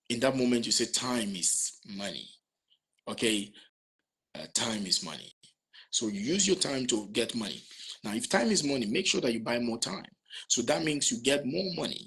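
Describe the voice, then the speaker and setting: A man delivers a motivational lecture in a very husky, breathy voice with a gravelly edge. He repeats his points and keeps asking the listener rhetorical questions. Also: mid-range voice, fairly bright tone. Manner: repetitive, asks rhetorical questions. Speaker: motivational speaker.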